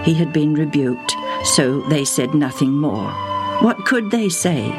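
A woman with a low voice narrates a Bible story slowly and expressively, pausing on rhetorical questions. Music plays clearly beneath her steady storybook reading.

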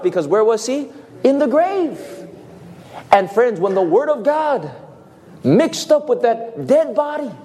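A man with a high, bright voice preaches an evangelistic sermon. He fires rhetorical questions at his listeners and swings from near-whispers to ringing peaks, sometimes drifting off the mic. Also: in a large hall. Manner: rhetorical questions to the congregation, swinging from hushed to soaring.

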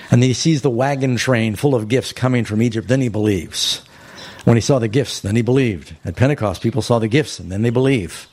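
A man preaching a sermon, telling a story with lively swings, climbing high when excited and slowing down to stress key lines. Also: gravelly, breathy edge.

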